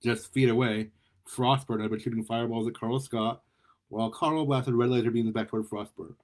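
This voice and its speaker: A man reading a superhero story aloud in a lively way, often stumbling and repeating words. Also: medium pitch, fairly quick. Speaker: story reader.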